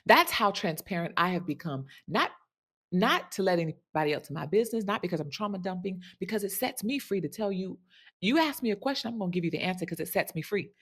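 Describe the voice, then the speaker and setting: A woman's voice: medium pitch, expressive, quick pace, fairly bright tone, breathy edge. A woman speaking as a sensuality coach in a casual monologue, chatty and candid, often tossing in "right?". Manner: candid and frank, swears casually. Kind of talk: casual direct-to-camera monologue.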